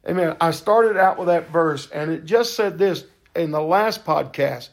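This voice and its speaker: An older man hosting a podcast, telling a faith testimony in a fervent, preacher-like way with drawn-out emphasis. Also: fairly high pitch, vocal fry. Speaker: podcast host.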